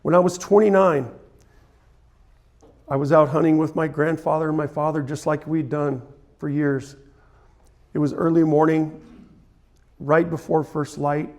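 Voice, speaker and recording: A man's voice: a little high, darkish tone. Man telling an earnest, emotional story. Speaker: photographer giving a talk. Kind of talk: storytelling presentation. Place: conference hall.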